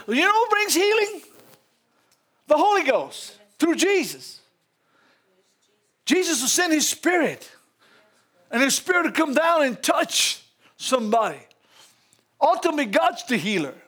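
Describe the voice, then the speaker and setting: A man preaching a sermon in a folksy, animated way, laughing often between lines. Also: very high-pitched.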